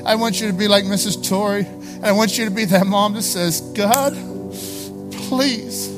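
An impassioned male preacher delivers a sermon in a fairly high voice that climbs into pleading peaks. Music plays clearly underneath him throughout. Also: fairly even intonation, fairly quick. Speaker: pastor.

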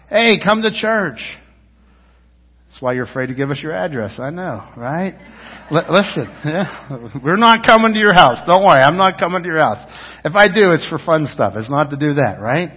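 A fairly high, husky man in his fifties preaches to his church, telling a rambling story full of restarts and asides. His voice climbs loud for emphasis, then drops low and quiet. The sound is dull, with a long reverb filling the sanctuary. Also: expressive, fairly quick. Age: 50s. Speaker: pastor. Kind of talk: sermon.

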